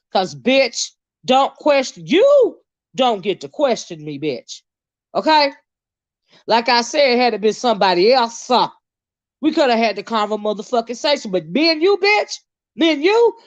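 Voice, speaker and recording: A woman host ranting on a live stream, swearing heavily and swinging between shouts and mutters. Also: no room sound, lo-fi sound. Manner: profane, heated, swinging pitch. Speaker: online commentator.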